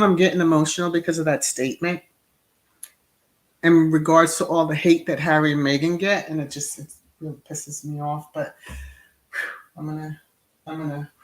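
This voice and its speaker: A middle-aged woman hosting a casual livestream, chatting and laughing as she reacts to viewer comments. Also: deep voice. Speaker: channel host. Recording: roomy echo.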